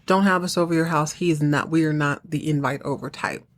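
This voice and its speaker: A woman's voice: low voice, steady tone, a little fast, close to an everyday voice. A woman voicing a weary, blunt wife who speaks frankly about her husband. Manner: frank, tired complaining.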